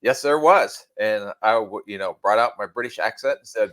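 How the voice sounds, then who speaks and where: A man co-hosting a podcast, giving measured analysis with self-deprecating humor. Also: fairly low pitch, fairly bright tone. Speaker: podcast co-host and draft analyst. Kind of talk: casual podcast chat.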